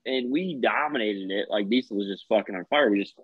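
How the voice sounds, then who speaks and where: Casting note: male host, mid-pitched, animated and foul-mouthed storyteller, dry and muffled podcast sound. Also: a little fast, breathy edge, no echo. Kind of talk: casual podcast chat. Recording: dry, slightly dull podcast mic.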